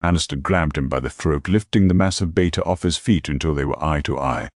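A man narrating a fantasy story in a dramatic, measured style. His voice is extremely deep, and the recording is dry and close. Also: darkish tone, no echo. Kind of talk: scripted narration.

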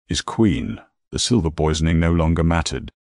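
Deep-voiced male story narrator. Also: expressive, a little mellow, dry recording, studio quality. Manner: dramatic, measured storytelling. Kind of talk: scripted narration.

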